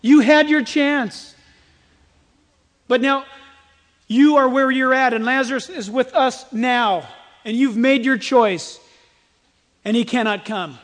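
A man voicing the patriarch Abraham, giving firm, measured pronouncements in a reverberant hall. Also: very high-pitched, voice pushed up. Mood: stern.

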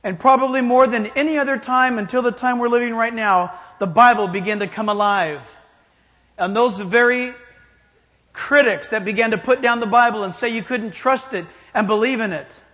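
High-voiced preacher in a reverberant hall. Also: male voice, normal speed, pushed and bright. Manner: emphatic, challenging the listener. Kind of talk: sermon.

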